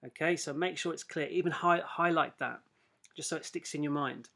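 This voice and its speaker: A man's voice: on the high side, moderate pace, creaky, sharp tone. A man teaching a recorded literature lesson, chatty, with self-deprecating asides and frequent fillers and restarts.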